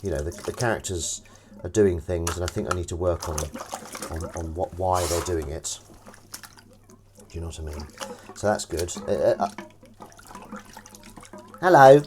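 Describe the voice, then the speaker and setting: Doing dishes on a live stream, a man speaks in a low, expressive voice at normal speed, pausing often. He rambles chattily and teases the people watching, with running water, dish clatter and general noise in the background.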